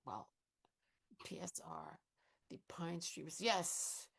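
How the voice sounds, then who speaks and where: Woman playing a cautious older activist, low, gravelly, dry, hesitant, wry, live improv. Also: slow, exaggerated voice. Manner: dry, hesitant, mildly skeptical. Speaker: improv performer.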